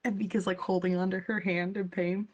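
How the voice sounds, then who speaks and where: A woman playing a tabletop game, soft-spoken and hesitant, with a husky voice. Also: lowish voice, level tone, brisk, muffled recording. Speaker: player.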